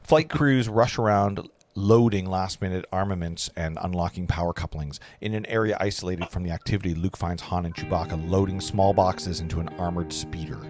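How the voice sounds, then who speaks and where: A man's voice: low-pitched, fairly even intonation, brisk, few pauses, darkish tone, faint music behind. A man hosting a table read, reading stage directions casually with stumbles and asides. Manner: casual, stumbling and joking between lines. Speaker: host and narrator.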